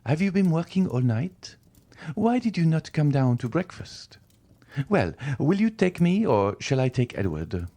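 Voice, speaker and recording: A man voicing a calm, poised middle-aged French lady who fires off quick questions in an audiobook. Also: a little high, pitched above the performer's own voice, heavily acted. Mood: pressing, curious.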